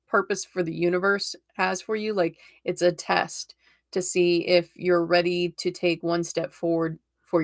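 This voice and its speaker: A woman reads tarot cards on a live stream, talking in a casual, encouraging way and laughing often. Her voice sits low and has a gravelly texture. The sound is dry and close, with no room echo. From United States.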